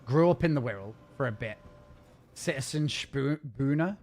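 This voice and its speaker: A man from the north of England with a northern English accent, chatting casually and jokily on a gaming livestream, talking fast with frequent restarts. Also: medium pitch, expressive, darkish tone. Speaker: streamer.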